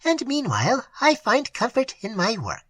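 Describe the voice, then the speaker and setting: A frightened older wife speaks in high, shrill bursts, as a narrator puts her on. Her voice leaps about wildly and has a breathy edge. Everything comes out frantic and breathless. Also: wildly swooping pitch, normal speed, a bit bright, no echo, heavily acted. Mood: brave. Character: terrified middle-aged clergyman's wife.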